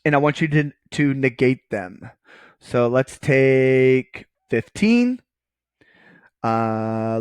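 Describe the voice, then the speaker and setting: A man's voice: medium pitch, smooth, dry recording. A man giving a recorded math lecture, casual and joking, often checking in with "okay" while writing on screen. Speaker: college math professor.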